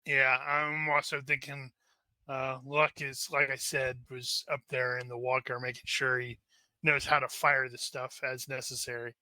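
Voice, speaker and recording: A man's voice: mid-range voice, flat delivery, unhurried, sharp tone, dry recording. A man playing a tabletop role-playing game, joking around and often restarting his sentences. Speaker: player. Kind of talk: casual chat at a game table.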